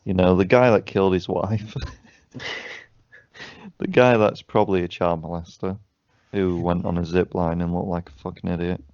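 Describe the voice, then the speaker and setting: A man's voice: low-pitched, fairly even intonation, normal speed, long pauses, a little mellow, clean tone, dry recording. A man co-hosting a casual podcast over a video call, swearing and laughing often as he chats. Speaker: podcast co-host. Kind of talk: casual chat. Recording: dull lo-fi call audio.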